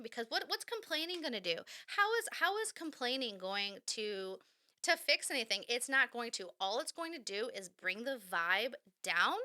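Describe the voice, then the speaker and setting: A woman's voice: on the high side, very animated, brisk, sharp tone. A woman hosting a podcast, talking frankly and animatedly on her own, acting out little quoted voices and swearing casually. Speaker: podcast host. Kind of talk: candid solo podcast talk.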